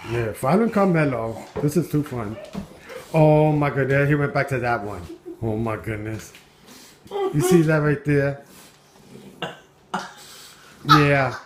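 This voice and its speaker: A man's voice: mid-range voice, animated, slow pace, pauses often. Guy at home filming his dog on a handheld cam, amused chatter, lots of oh my goodness, mid voice, faint hiss. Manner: amused, exclaiming, chuckling often. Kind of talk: casual running commentary. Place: at home indoors.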